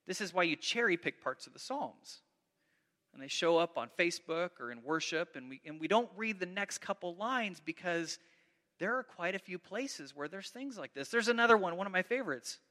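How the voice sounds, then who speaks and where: At a moderate pace, a pastor's high, piercing voice echoes in a long hall reverb as he delivers an animated sermon. Scripture readings come out dramatic and heightened, while his casual asides in between break off and start over mid-sentence.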